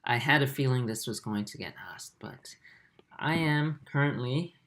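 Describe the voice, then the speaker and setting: A man in his twenties hosting a livestream, reading viewer comments aloud in a soft, halting way with many fillers. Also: mid-range voice. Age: 20s. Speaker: aquarium channel host.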